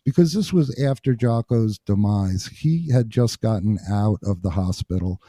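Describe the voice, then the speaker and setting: A man from New Jersey, a bassist and interview guest, telling stories in an animated way and acting out what people said. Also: moderate pace. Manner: animated storyteller acting out quotes. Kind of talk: storytelling interview.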